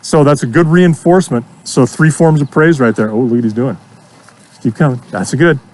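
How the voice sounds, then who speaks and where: A man's voice: mid-range voice, brisk, a little mellow, slight background noise. Encouraging male horse trainer coaching outdoors. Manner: encouraging, repeats praise. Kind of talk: hands-on coaching.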